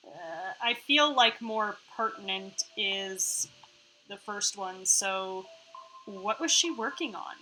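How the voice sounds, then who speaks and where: Bright, playful woman streamer. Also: medium pitch, slow, a little hiss or hum, poor audio. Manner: playful, chatty, reacts with excitement. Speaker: streamer reading a visual novel game. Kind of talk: reading a story game aloud with casual commentary.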